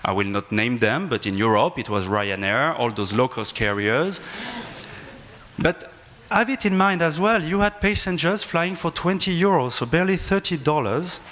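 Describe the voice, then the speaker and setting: A man's voice: fairly high pitch, lively intonation, moderate pace, a bit bright, a little hiss or hum. A man with a French accent, an academic speaking at a panel discussion, hesitant with frequent restarts and fillers. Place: conference panel table.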